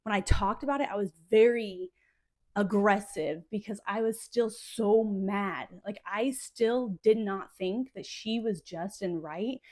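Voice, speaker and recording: A woman's voice: medium pitch, measured pace, a little mellow. A woman in her thirties hosting a solo podcast, talking in a rambling, emotionally charged way, full of "like" fillers. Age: 30s. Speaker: podcast host. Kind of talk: casual solo podcast monologue.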